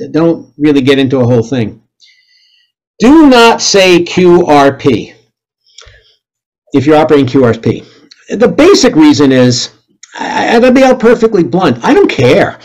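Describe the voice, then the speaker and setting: Middle-aged guy giving a club talk, blunt and jokey, kinda high voice, suddenly yells out call signs. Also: rough recording. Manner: blunt, joking, acts out radio calls with sudden loud outbursts. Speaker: club presenter. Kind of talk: lively presentation talk.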